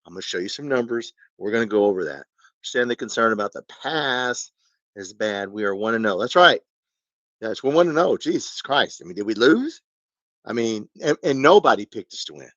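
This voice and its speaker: A man's voice: on the low side, big pitch swings, fairly quick, a bit bright, dry recording. Ranting man on a dull dry mic. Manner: ranting, rambling, rhetorical questions. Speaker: fan channel host. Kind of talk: live-stream sports rant.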